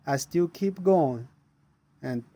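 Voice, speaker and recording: Speaking slowly and expressively, a middle-aged inventor tells his personal story in earnest, non-native English and acts out the people he met. His voice is fairly high and mellow, with no echo.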